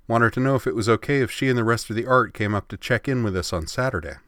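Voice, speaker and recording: A man voicing a brash, cheeky tomboyish teenage girl, raising his voice into a higher register. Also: fast, a bit bright, dry recording, clean studio sound, close to an everyday voice. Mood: breezy. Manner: cheeky, whiny.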